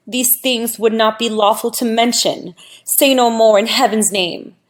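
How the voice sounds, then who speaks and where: A woman's voice: on the high side, fairly even intonation, a little slow, pitched above the performer's own voice, lightly acted. A woman voicing a shaken young man in a scripture audiobook, emphatic and solemn. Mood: fearful. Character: young man, shaken, warning his brother.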